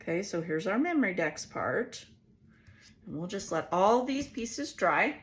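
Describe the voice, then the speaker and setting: A hoarse woman in her forties, hosting a casual craft tutorial and chatting with her viewers. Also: mid-range voice, big pitch swings, measured pace. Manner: chatty, laughs often, talks to viewers as "you guys". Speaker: crafting channel host.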